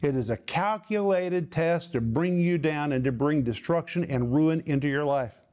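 A male preacher delivers a sermon in a fairly high-pitched voice. He explains words carefully and drags out key phrases to stress them. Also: a little mellow. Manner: emphatic, slows down to stress words.

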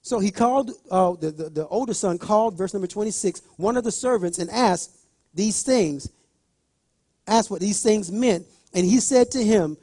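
A male preacher delivering a sermon, repeating phrases and rising into loud emphatic bursts as he speaks straight to the congregation. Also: sits high, moderate pace, dry recording, clean studio sound. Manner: talks directly to the congregation.

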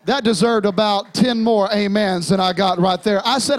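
A young man preaches in a church with a strikingly high voice. He calls out to the congregation and slips into half-sung hymn lines as he goes. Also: fairly even intonation, normal speed, few pauses, faint music behind. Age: young adult. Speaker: pastor. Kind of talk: sermon. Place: church sanctuary.

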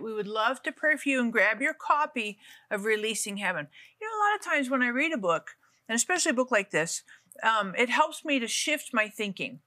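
A woman co-hosting a faith talk show, who talks in an animated, chatty way and invites viewers in. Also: medium pitch, no echo. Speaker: co-host.

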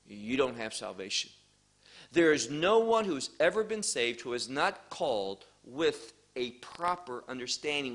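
A man preaching a sermon, slow and emphatic, posing questions to the congregation. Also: mid-range voice, fairly bright tone.

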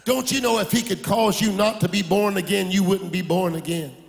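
Gravelly-voiced preacher man, high and ringing. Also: fairly quick. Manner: preaching with a sing-song cadence, rising to shouts. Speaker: pastor. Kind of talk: sermon. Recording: hall reverb with faint music.

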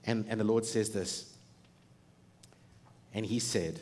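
A middle-aged man preaching a sermon as pastor, animated and conversational, often restarting his sentences and laughing. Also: lowish voice, slow pace, long pauses.

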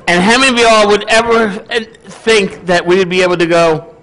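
A man with a high-pitched voice delivers a sermon to his congregation. He talks in an easy, conversational way and keeps checking in with the room by asking questions. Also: fairly even intonation, normal speed, bright, forceful tone, poor audio. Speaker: pastor.

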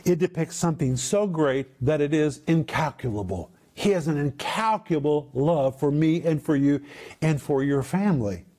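Emphatic preacher explaining Greek words. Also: male voice, on the high side, animated, normal speed, dark tone. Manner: expounds Greek word meanings with emphatic repetition. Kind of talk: sermon teaching.

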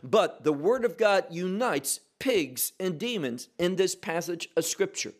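A man's voice: high voice, lively intonation. A man teaching verse by verse from the Bible, emphatic and posing questions he then answers himself. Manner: slow, emphatic, asks and answers his own questions.

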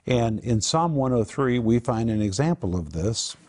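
A man's voice: mid-range voice, expressive, normal speed, a little mellow, slight background noise. A man hosting a Christian program, teaching from the Psalms in an earnest, emphatic conversational way. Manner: earnest, emphatic, builds to raised exhortation. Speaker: Bible teacher and program host.

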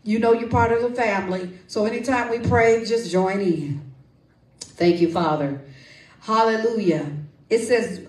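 A woman preaching a lively sermon with testimony and prayer, calling out to her congregation and coaxing responses. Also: medium pitch, measured pace, distant mic. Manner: lively, call-and-response, folksy. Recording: echoey room, voice from off-mic.

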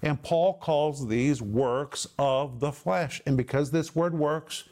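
Guy doing bible teaching on tv, slightly high voice, leans hard on key words. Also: darkish tone. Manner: explains Greek word meanings emphatically, with slow stressed phrases.

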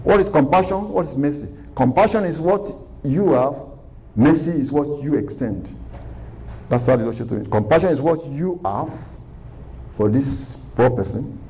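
A man's voice: a little high, normal speed, warm tone, low-quality recording. A man preaching a recorded sermon, earnest and repetitive, asking rhetorical questions.

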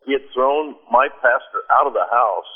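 A man's voice: medium pitch, normal speed, slightly rough. A man, a preacher and guest on a radio interview program, telling a personal story in an earnest, heartfelt way with frequent restarts. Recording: narrow phone-like radio sound.

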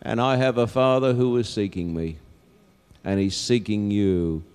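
A man preaching an evangelistic sermon in a large auditorium, telling a story dramatically and moving from hushed lines to loud ones. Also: lowish voice, steady tone, measured pace, clean tone. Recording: long auditorium reverb.

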